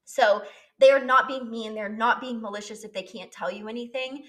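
A woman's voice: fairly high pitch, fairly even intonation, moderate pace, fairly bright tone. Young woman vlogger with a raised voice, telling her story openly and emotionally, with blunt language. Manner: candid and emotional, swears freely. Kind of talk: personal storytelling.

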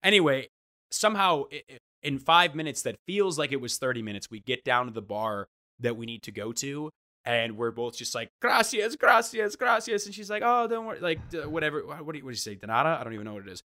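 A man telling a funny story in casual chat, animated and acting out the voices he quotes. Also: medium pitch, fast. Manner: animated, acts out quoted voices, restarts often. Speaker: guest storyteller.

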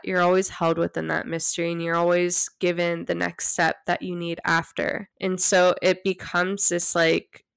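A woman hosting a solo podcast, talking gently and guiding listeners through a practice, sometimes dropping to a hush. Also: lowish voice, creaky, clean tone, dry recording, clean studio sound. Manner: soft, gentle, unhurried guidance; drops to a hushed near-whisper when demonstrating. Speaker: podcast host.

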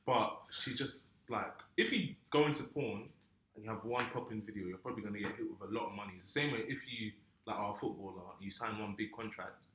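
A man's voice: on the low side, fast talker, fairly bright tone, slight background noise. A young man, chatting casually and confidently with friends, giving strong opinions. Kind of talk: casual group chat. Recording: roomy echo.

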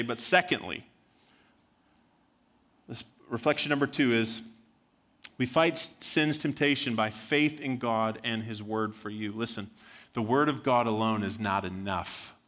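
A man's voice: a little high, pushed and bright. A man preaching a sermon as senior pastor, earnest, repeating words and rising into fervent pleading prayer.

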